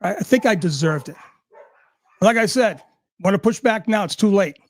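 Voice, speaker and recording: A man's voice: high-pitched, animated, normal speed. A man ranting angrily and sarcastically, swearing at almost every turn. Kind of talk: profane rant.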